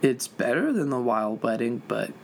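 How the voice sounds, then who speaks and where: Rambling, low-energy young podcast host. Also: sing-song, moderate pace, creaky, slight background noise. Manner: rambling and low-energy, full of fillers and sighs. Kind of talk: casual solo podcast chat. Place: at home with a cat.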